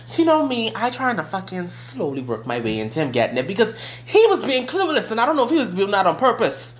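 A young man casually telling a personal story on his vlog, profane and animated. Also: high-pitched, fast talker. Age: young adult. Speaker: vlogger.

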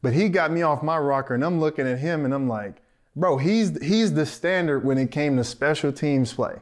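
A man in his thirties tells an animated story on a podcast. His voice sits a little high, and he switches into the voices of the people in his story. He laughs often as he talks. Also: moderate pace. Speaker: podcast co-host, former football player.

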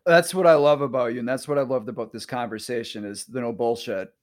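A man's voice: mid-range voice, fast talker. A man hosting a podcast interview in a casual, chatty way, laughing easily and restarting his sentences. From Oklahoma. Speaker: podcast host.

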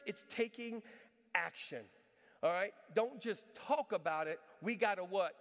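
Man, middle-aged, pastor, high-pitched voice, long church-hall reverb, humorous storytelling, emphatic preaching. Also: unhurried, a bit bright. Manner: emphatic preaching with call-and-response questions. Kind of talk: sermon with a personal story. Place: church sanctuary.

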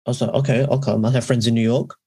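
A man's voice: medium pitch, little pitch movement, very fast, warm tone, slightly rough. A man co-hosting a podcast, telling long rambling stories in casual chat and often correcting himself. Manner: rambling, anecdotal, with self-corrections. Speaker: podcast co-host.

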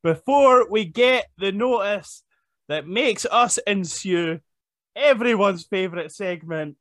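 A man's voice: sits high, expressive, slow pace, a bit bright, no echo, studio quality. A man hosting a podcast in casual chat, joking and laughing often. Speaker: podcast host.

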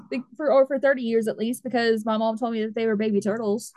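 Chatty higher-voiced woman, dry close sound. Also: fast talker, no echo. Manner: chatty, animated, laughing asides. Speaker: podcast co-host. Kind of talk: casual chat.

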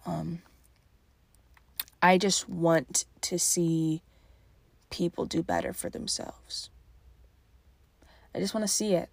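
Tired young woman, gravelly and low. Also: slow pace, pauses often, no room sound. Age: young adult. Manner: calm and soft-spoken. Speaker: podcast host. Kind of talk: casual solo podcast monologue. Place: at home late at night.

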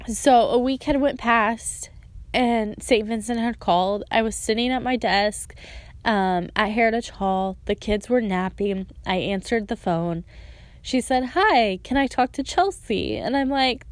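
A young woman tells her own story slowly and earnestly, her voice sitting a little high. She talks casually, stringing thoughts together with "like" and "and so". The recording is dry and close. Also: no room sound. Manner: earnest and emotional, with frequent "like" and "and so". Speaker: storyteller sharing a personal testimony. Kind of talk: personal testimony, casual storytelling.

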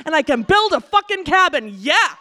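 A woman, telling a frank, profane personal story with lively delivery. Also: high voice, moderate pace. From California, USA.

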